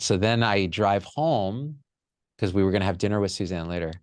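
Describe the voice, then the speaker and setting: A man's voice: low voice, fairly quick, no echo, clean studio sound. A man telling a raw personal story with candid emotion, swearing freely as a podcast guest.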